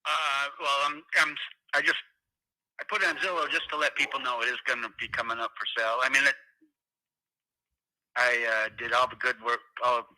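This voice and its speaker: A man who owns a house answering a call, talking haltingly with many restarts, his neck sore. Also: medium pitch, steady tone, pushed and bright. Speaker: property owner on a phone call. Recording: tinny phone line.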